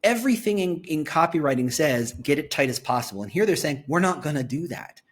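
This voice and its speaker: Excitable husky man reviewing websites. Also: a little high, brisk. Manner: excitable, reads site copy aloud and reacts. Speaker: employer branding commentator. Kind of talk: screen-share website review.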